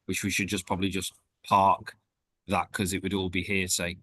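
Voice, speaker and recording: A man co-hosting a football chat show, speaking in a lowish voice. He states his views bluntly and does not hedge. The recording is dry, with no room echo. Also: completely flat delivery, moderate pace, sharp tone, husky. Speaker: podcast co-host.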